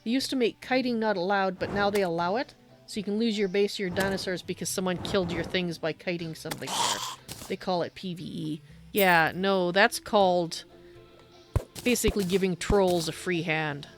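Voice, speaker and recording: A woman's voice: fairly low pitch, moderate pace, faint music behind. A woman livestreaming a game, giving blunt, opinionated and sardonic commentary as she plays. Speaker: livestream gamer. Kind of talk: casual gameplay commentary.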